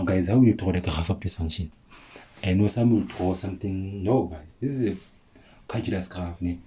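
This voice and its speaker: A man walks his viewers through a calculus lesson in a slow, unhurried way. His voice is low and mellow. He keeps talking to them directly and says key points over again. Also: a little hiss or hum, rough recording. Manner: chatty, addresses viewers as guys, repeats himself. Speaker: maths tutor. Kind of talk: informal maths lesson.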